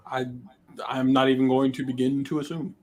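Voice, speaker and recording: A man's voice: medium pitch, flat delivery, brisk, poor audio. A man on a casual group chat, giving reserved, noncommittal answers. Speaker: panelist.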